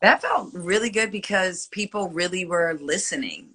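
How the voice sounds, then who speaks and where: Woman, forties, bright tone, relaxed interview chat, filler-heavy. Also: lowish voice, normal speed, breathy edge. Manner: reflective, loose with many fillers. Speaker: singer guest.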